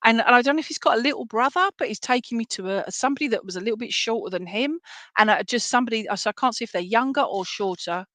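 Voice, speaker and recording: A woman's voice: fairly high pitch, very fast, a bit bright, no echo. A woman medium giving clairvoyant readings in an online service, chatty and affectionate, often checking in with "all right?". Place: home, by herself.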